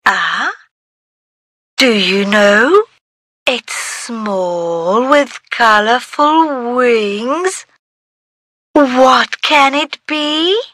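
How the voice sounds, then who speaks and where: Feely, a bright playful cartoon character. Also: female voice, a little high, dry recording, clean studio sound, full character voice. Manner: slow, animated, posing riddles to a child. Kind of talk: preschool TV character speech.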